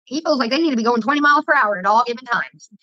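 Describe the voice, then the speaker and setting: A woman's voice: fairly high pitch, animated, very fast, pushed and bright, no room sound. A woman vlogger telling heated, profane stories in casual livestream chat, with dull lo-fi audio.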